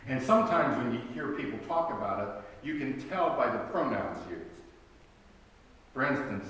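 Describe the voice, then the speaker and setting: A man's voice: medium pitch, expressive, moderate pace, fairly bright tone. A man, a pastor, preaching a sermon in a conversational way, with wry humor and emphatic rhetorical questions. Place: church sanctuary. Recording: very echoey church hall, from far off.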